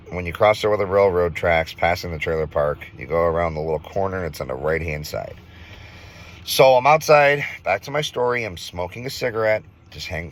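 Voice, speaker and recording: A man in his thirties from Minnesota, earnestly telling a ghost story in a casual vlog, halting with fillers. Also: low voice, a bit bright, slight background noise. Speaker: vlogger.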